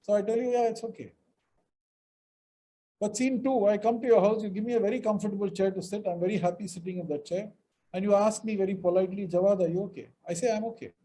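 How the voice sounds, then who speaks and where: A man's voice: high voice, fairly even intonation, quick pace, dark tone, a little hiss or hum, poor audio. A middle-aged man from India giving a webinar lecture on mediation, stressing words emphatically and acting out example sentences. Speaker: mediation trainer.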